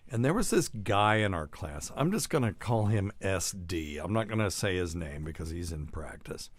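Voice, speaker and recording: A man's voice: low voice, lively intonation, moderate pace, dry recording. A middle-aged man, a doctor hosting a show, telling profane, rambling anecdotes in casual chat.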